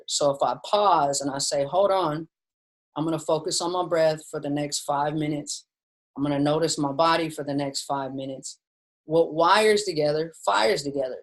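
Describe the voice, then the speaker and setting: A woman's voice: low-pitched, poor audio. A woman teaching mindfulness in a webinar from her home. She talks in a casual, chatty way and often addresses her listeners as "you guys". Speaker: mindfulness instructor. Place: at home with her dog nearby. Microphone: video call setup.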